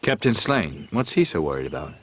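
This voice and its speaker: An actor playing a blunt, impatient pirate captain in a video game. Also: male voice, low voice, sing-song, fairly quick, breathy edge, no echo, exaggerated voice. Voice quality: curt, dry-witted.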